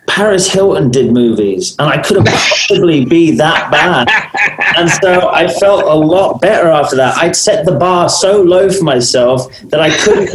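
An English man tells animated, self-mocking stories in a casual interview. His voice sits a little high and comes across in a roomy space with a faint hiss. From England. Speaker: musician and actor guest.

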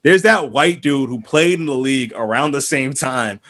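A man's voice: medium pitch, moderate pace. A man from the area hosting a podcast, ranting in casual chat with lots of restarts and swearing. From Boston area. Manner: animated, heated, many restarts and profanity. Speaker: podcast host.

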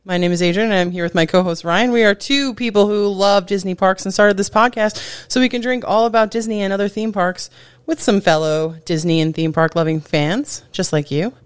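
A man's voice: high voice, fairly quick, smooth, no room sound. A man co-hosting a casual theme park podcast, joking around and chatting loosely. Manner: jokey, tries silly put-on English accents. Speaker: podcast co-host.

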